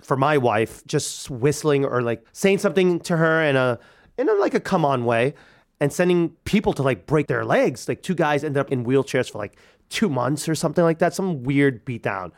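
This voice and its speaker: Animated man telling his own story. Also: a little high. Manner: animated, halting, many restarts. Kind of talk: personal storytelling.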